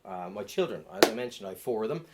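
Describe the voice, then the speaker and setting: Middle-aged male comic, deadpan with hesitations, average pitch but animated delivery. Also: fast talker, vocal fry, very noisy. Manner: deadpan, with many ums and uhs. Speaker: stand-up comedian. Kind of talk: stand-up comedy set. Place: comedy club stage.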